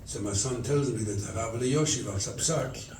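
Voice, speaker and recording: A rabbi from England giving a sermon at a charity event, telling stories and acting out the dialogue. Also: male voice, medium pitch, moderate pace, noisy background. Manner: storytelling, quotes scripture and acts out dialogue. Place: event hall. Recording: echoey room, distant mic.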